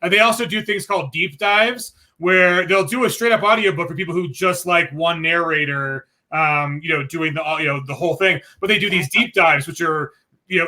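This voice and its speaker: High bright-voiced chatty man. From Colorado. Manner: chatty, joking, many fillers. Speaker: host. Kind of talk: casual livestream chat.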